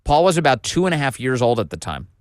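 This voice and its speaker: A man running a casual political commentary show, reading out documents and reacting to them with mockery and disbelief. His voice sits at a middling pitch for a man. The recording is dry and close, with no room sound. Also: big pitch swings, fast, no room sound. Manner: mocking, incredulous, reads documents aloud and riffs on them.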